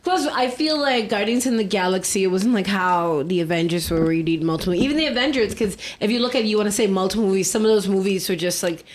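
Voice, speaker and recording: A young woman co-hosting a casual podcast, talking in an opinionated, slangy way. Her voice sits at an everyday middle pitch. She chats easily and keeps the conversation moving. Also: fast, few pauses. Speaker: podcast co-host. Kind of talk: casual chat.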